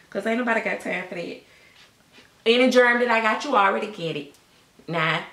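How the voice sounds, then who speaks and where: A woman's voice: mid-range voice, a bit bright. A middle-aged woman telling a casual storytime at home, chatty and sassy, with a sound recorded in an echoey room. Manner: chatty, sassy, acts out voices in quotes.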